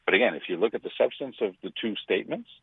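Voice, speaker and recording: An older man giving indignant, emphatic radio commentary, stressing words with big jumps in pitch. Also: lively intonation, racing, creaky, slightly rough, no echo. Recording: dry, phone-like radio line.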